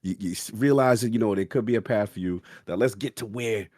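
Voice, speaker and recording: A man hosting a podcast interview, asking eager questions like an excited fan. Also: fairly low pitch, a little fast, a little hiss or hum. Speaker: podcast host. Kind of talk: casual interview chat.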